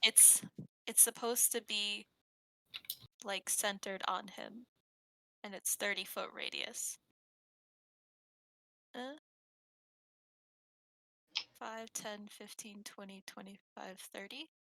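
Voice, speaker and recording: Bright-voiced woman playing a tabletop game. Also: mid-range voice, steady tone, takes it slowly, vocal fry, long pauses, dry recording, poor audio. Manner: hesitant, restarts while measuring out loud. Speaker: player. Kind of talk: casual tabletop game chat.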